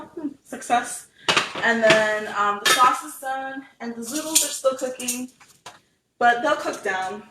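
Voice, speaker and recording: A woman's voice: a little high, fairly bright tone, slight background noise. Chatty woman cooking in an echoey kitchen. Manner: chatty, giggly, talks to viewers while cooking. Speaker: cooking show host. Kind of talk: casual cooking vlog chat. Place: home kitchen.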